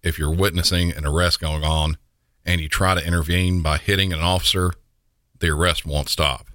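Deep-voiced man narrating wryly. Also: little pitch movement, moderate pace, fairly bright tone, no room sound. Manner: wry, dry-humored asides. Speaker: podcast host narrating police incidents. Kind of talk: scripted narration.

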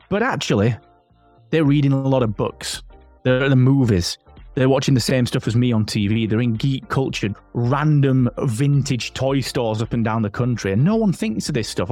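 A man's voice: mid-range voice, a little mellow. A man giving podcasting advice in a rambling, emphatic, casual way. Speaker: podcasting expert guest.

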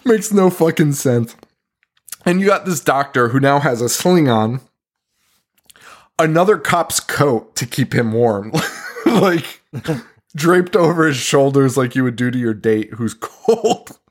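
Guy on a horror podcast, cursing and cracking up while he recaps a movie, mid-pitch voice. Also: slow pace. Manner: profane, laughing, animated retelling. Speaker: podcast co-host. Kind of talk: casual movie review chat.

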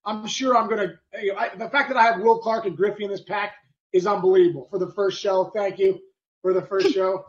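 Excitable middle-aged male storyteller. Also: high voice, a little fast, lo-fi sound. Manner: animated, excited storyteller with sound effects. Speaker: podcast host, former baseball player. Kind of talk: casual storytelling chat.

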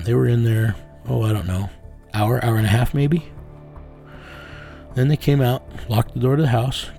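Gravelly man telling a casual true story. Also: medium pitch, mellow. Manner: plain-spoken, drawling, folksy phrasing. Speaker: investigator recounting a case. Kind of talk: casual first-person storytelling.

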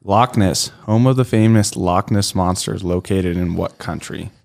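Gravelly low man mulling quiz answers. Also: normal speed, a little mellow. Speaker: podcast panelist. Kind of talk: casual quiz game chat.

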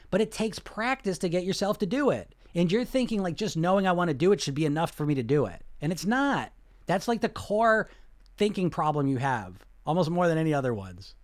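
A man talking as a weight loss coach in a casual way, blunt and full of rhetorical questions, often laughing. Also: high voice. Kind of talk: casual coaching talk to viewers.

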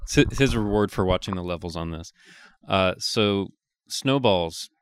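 Podcast guy narrating the room for listeners, low smooth voice, wry. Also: lively intonation, moderate pace, no room sound, clean studio sound. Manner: wry, describing the scene. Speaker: podcast co-host. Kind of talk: casual chat, narrating for listeners.

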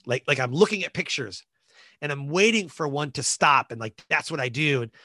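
An animated man tells a story as a podcast guest, his pitch leaping around as he acts out the voices of the people in it. His voice is on the high side and sounds bright and forceful. The recording is dry and close, with no room sound. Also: a little fast, dry recording.

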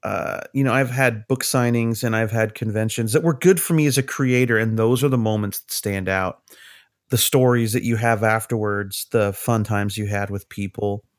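Animated middle-aged man telling stories. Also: on the low side, moderate pace. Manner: animated anecdotes, acts out quoted voices, swears. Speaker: podcast co-host, cartoonist. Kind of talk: casual storytelling chat.

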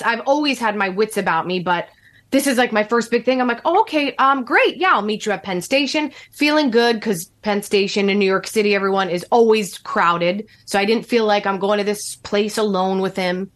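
A woman telling a personal story on a podcast in casual chat, animated, acting out the quoted lines. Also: moderate pace. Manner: animated, acts out quotes with shifting pitch. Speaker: podcast guest.

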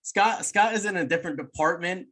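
A man's voice: sits high, fairly quick, bright, forceful tone, slight background noise. Brash, swearing man teasing his friends. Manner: brash, profane teasing, laughs often. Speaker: podcast co-host, firefighter. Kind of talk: casual chat.

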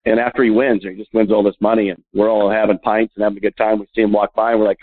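A husky, slightly low-pitched man in his fifties tells chatty stories as an interview guest, laughing often and leaning on filler "uh"s. His voice comes through a tinny phone line that sounds dry and close. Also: little pitch movement, rapid-fire, no room sound. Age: 50s. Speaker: guest, professional golfer. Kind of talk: interview storytelling.

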